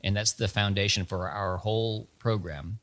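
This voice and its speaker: A man's voice: fairly low pitch, steady tone, normal speed, a bit bright, no room sound. A man who owns a winery, a guest in casual chat, with a dry teasing humor.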